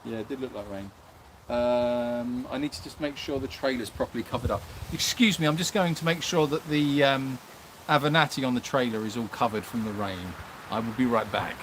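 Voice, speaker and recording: A man's voice: medium pitch, a little fast, a bit bright, a little hiss or hum. A man co-hosting a casual live stream outdoors at an animal sanctuary, teasing his co-host and joking around. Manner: jokey and teasing, mimics accents.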